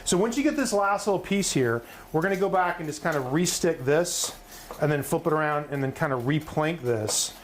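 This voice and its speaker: A man's voice: a little high, animated, a little fast. A middle-aged man, host of a live cook-along, talking through his recipe in an upbeat, chatty way and often asking "right?". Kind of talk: live cooking demonstration.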